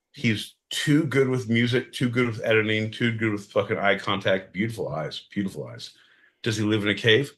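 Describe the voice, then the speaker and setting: A man co-hosting a podcast in casual comedic banter, loud and profane with sudden bursts of energy. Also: on the low side. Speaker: podcast co-host.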